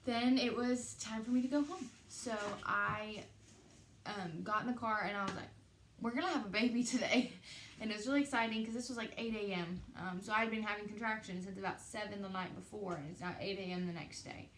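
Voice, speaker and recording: A young woman tells a personal story to the camera in a casual, chatty way, lively as she acts out what people said. The room gives her voice a noticeable echo, and faint background ambience sits under it. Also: medium pitch, fairly quick, slight background noise. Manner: chatty, animated retelling with lots of "like" and quoted dialogue. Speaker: vlogger.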